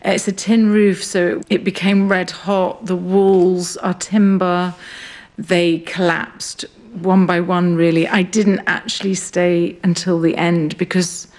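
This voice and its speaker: A middle-aged woman, a farmer and writer, recalling events slowly and reflectively in a radio interview, recorded outdoors on a hill farm. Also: on the low side, flat delivery, a little mellow. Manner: slow, reflective storytelling.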